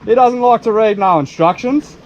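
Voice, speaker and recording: An Australian man hosting a fishing vlog from a small boat, chatting casually in an excitable, drawling, folksy way. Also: high-pitched, normal speed, dull audio, slight background noise. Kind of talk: casual outdoor vlog commentary. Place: small boat on open water.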